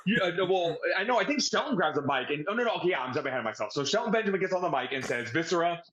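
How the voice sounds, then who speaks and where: A man co-hosting a wrestling review show in loose, casual chat. He is loud and animated, his voice a little high. The sound is dull and lo-fi. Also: racing, over a noisy crowd. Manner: loud and animated, shouting mock impressions. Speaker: podcast co-host.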